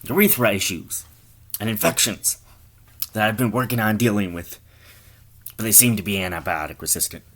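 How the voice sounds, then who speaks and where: Weary henpecked husband, played by a man, flat glum stammer. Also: lowish voice, moderate pace, long pauses.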